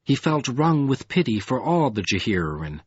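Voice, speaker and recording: A man narrating a fantasy audiobook in an expressive, dramatic reading. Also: mid-range voice, normal speed, breathy edge, no echo, lo-fi sound.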